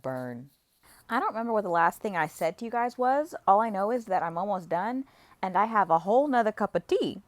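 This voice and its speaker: A woman's voice: mid-range voice, lively intonation, a little fast. A young woman casually recapping a book series, chatty and playful, acting out characters' lines. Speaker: book vlogger.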